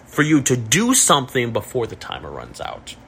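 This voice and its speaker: A man's voice: mid-range voice, huge pitch swings, normal speed, gravelly, a bit bright, a little hiss or hum. A young man hosting a casual podcast chat, musing in a jokey, mock-profound way. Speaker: podcast host.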